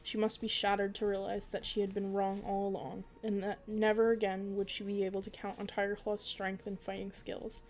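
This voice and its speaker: A woman reading a children's book aloud for a storytelling podcast, in an even way with an occasional slip and restart. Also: mid-range voice, a little fast, hardly any pauses, faint music behind.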